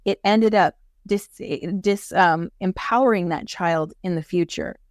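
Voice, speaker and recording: A woman's voice: on the low side, unhurried, no echo, clean studio sound. A woman speaking as an interview guest, earnest and explanatory as she talks through spiritual ideas. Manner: earnest, explanatory, acts out quoted voices. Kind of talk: casual interview chat.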